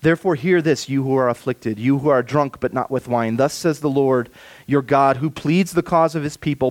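A man preaching a sermon, reading scripture slowly and softly, then rising for emphasis. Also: mid-range voice. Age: adult with children. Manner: expressive preaching, slows and softens for scripture, rises for emphasis. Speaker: pastor.

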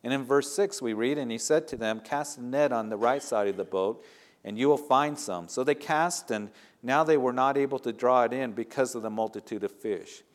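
A man's voice: medium pitch, moderate pace. A middle-aged male pastor preaching a sermon in a conversational way, building to rising emphasis at key points.

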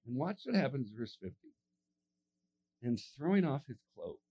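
A man preaching a sermon, telling stories and acting out the voices of the people in them, dropping to a hush and then rising to a shout. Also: mid-range voice, sing-song, moderate pace, breathy edge, lo-fi sound. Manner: acts out voices in his stories, swings from hushed to shouting. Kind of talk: animated sermon storytelling.

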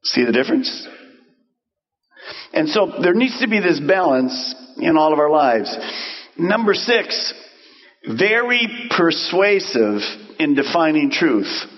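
A man preaching a sermon as pastor, animated and acting out quoted voices. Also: on the high side, takes it slowly, highs cut off.

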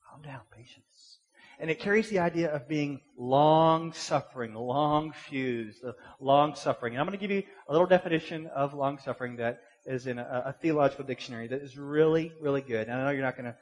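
Recorded with long hall reverb in a church sanctuary, a middle-aged pastor preaches a little fast, hardly pausing, in a voice on the high side. His style is casual and conversational, with many rhetorical questions and repeated words.

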